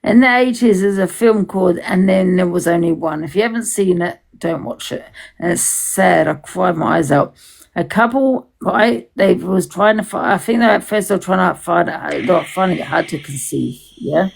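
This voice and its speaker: A woman's voice: lowish voice, normal speed, vocal fry, poor audio. A woman hosting a casual livestream chat, rambling and swearing freely, with many restarts.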